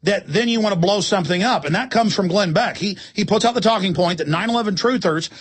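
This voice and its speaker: A man hosting a radio call-in show, ranting forcefully and acting out his own exchanges with police. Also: high voice, quick pace, husky. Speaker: radio talk show host.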